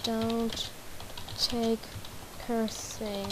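A woman giving casual gameplay commentary, excitably guessing aloud and exclaiming at the game. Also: a little high, extremely slow, background noise. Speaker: gamer. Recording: background game music. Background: game music.

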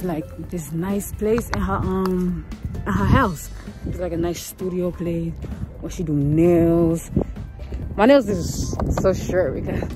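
Chatty woman vlogging outdoors. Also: fairly low pitch. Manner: chatty, addresses viewers directly. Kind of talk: casual vlog chat. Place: outdoors walking on a windy street.

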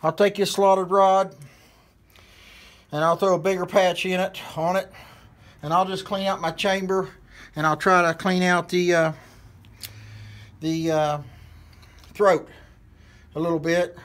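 Slow-talking West Virginia man, high voice. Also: flat delivery, fairly bright tone. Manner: folksy, rambling, many fillers. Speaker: hunting channel host. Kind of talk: casual how-to demonstration.

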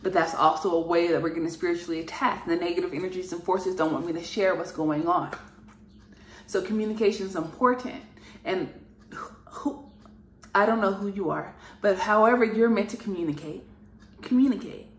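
A woman's voice: fairly low pitch, a little fast, reverberant, a little hiss or hum. A woman speaking as a spiritual channeler in an earnest, repetitive monologue that rambles and is full of fillers.

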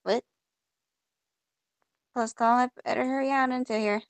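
A woman's voice: sits high, fairly even intonation, unhurried, clear, resonant tone, no room sound. A woman playing a point-and-click game, reading the on-screen text aloud and reacting with mock frustration as she goes. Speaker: gamer. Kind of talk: casual let's-play commentary.

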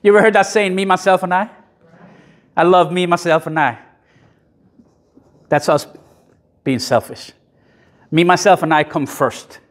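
A man preaching a sermon in a church, conversational and emphatic, with self-deprecating asides and pauses for the congregation's amens. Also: sits high, fairly even intonation. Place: church sanctuary.

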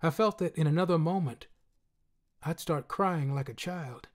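A man narrating a literary short story in the first person, in a quiet, measured, somber way. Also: fairly high pitch. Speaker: reader.

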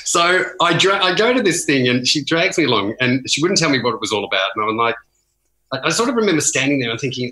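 A man from Australia, a podcast guest in casual chat, telling a story in halting, self-deprecating bursts with many restarts. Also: mid-range voice, very animated, sharp tone, roomy sound, low-quality recording.

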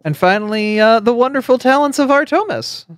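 A woman streamer hosting a relaxed live session and chatting loosely, often repeating herself as she goes. Her voice is recorded very dry, with no room sound at all. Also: on the high side, a little fast, dry recording. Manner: friendly, rambling with fillers and repeated words. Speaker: streamer and host. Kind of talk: casual live-stream chat.

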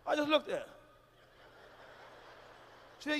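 A man performing a stand-up comedy routine on stage, loud and profane, shouting his punchlines. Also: very high voice, animated, fairly quick, slight background noise. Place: large concert hall with audience. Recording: live hall recording with reverb.

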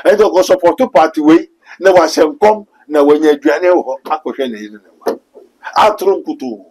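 A Ghanaian man with a high-pitched voice preaches his answers with fervor. He speaks as a pastor, calling out with force and urgency. His voice sits well above most men's. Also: normal speed, low-quality recording. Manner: fervent, switches to loud exhortation.

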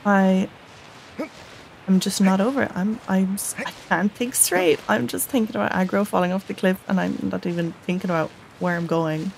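A woman talks through a video game in casual commentary, indignant and cursing. Her voice sits at an ordinary middle pitch. A faint hiss runs under the recording. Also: fairly even intonation, moderate pace, creaky, poor audio. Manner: upset, indignant, swearing. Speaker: let's play gamer.

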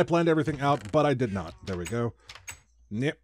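A man's voice: mid-range voice, animated, brisk, slightly rough. A man hosting a Let's Play, chatting casually through his building and making silly sound effects. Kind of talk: casual gameplay commentary.

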